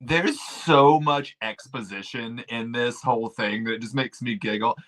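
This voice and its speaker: A man co-hosting a podcast in casual chat, playful and quick to laugh. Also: medium pitch, a bit bright. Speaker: podcast co-host.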